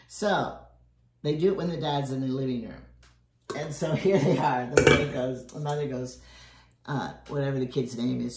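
This home cook vlogger, an older woman, bakes while casually chatting and spinning rambling family tales, chuckling a lot along the way. She speaks at normal speed in a rumbling low, slightly mellow voice, in an echoey room with faint noise.

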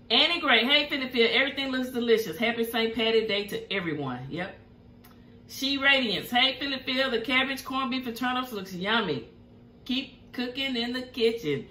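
A woman's voice: fairly high pitch, bright, forceful tone, echoey room. Chatty grandmother reading comments. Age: older. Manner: chatty, folksy, reacts to each comment. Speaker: cooking show host. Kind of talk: reading viewer comments aloud. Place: home kitchen.

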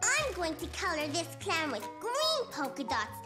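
A four-year-old cartoon boy with a very high, piping voice that rises and falls a lot, and he talks slowly and carefully the way small children do. Children's music plays loudly beneath him. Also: huge pitch swings, full character voice. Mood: eager. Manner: high piping child voice, eager and whiny at times.

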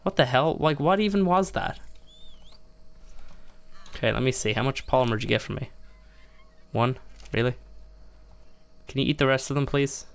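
Gravelly-voiced guy narrating his game, mid pitch, keeps getting annoyed and chuckling at stuff. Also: moderate pace, long pauses. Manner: exasperated, self-narrating, laughing at mishaps; jumps much higher in pitch when upset. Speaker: gaming YouTuber. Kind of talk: let's play commentary.

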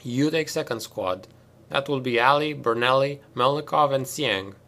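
A hard, commanding female marine lieutenant barks clipped, sardonic orders at her squad, as a man reading a sci-fi audiobook puts her on. She speaks louder and a touch higher than the reader's own voice, with a cold bite under the authority. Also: normal speed, gravelly.

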